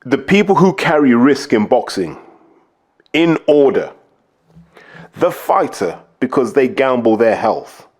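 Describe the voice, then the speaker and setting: A man's voice: mid-range voice, sing-song, unhurried, long pauses, a little mellow. Blunt man ranting about boxing. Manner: blunt, emphatic, lists points to drive them home. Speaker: podcast host, boxing pundit. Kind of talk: opinionated casual commentary.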